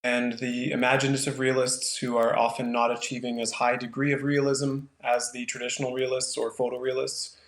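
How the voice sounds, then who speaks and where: Flat-voiced man with a rambling manner. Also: medium pitch, fairly quick, few pauses, reverberant. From Canada. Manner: thoughtful, rambling with many fillers. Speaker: painter, guest. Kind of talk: casual interview conversation.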